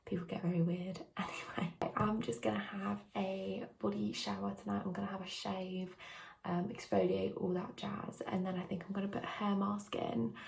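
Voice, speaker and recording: A young woman talks through her day in a relaxed vlog, recorded on a phone in her bedroom. Her voice sits at a middle pitch with a lot of gravelly vocal fry, and she often slips into a breathy half-whisper. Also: moderate pace. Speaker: vlogger. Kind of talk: casual day-in-the-life vlog chat. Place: bedroom at home. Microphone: phone camera.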